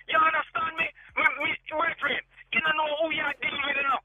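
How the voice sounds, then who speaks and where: A man's voice: very high-pitched, completely flat delivery, brisk, loud music behind the voice. A man with a Jamaican accent, heard on the phone as the target of a prank call, talking in a heated, rambling, repetitive way. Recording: tinny phone line.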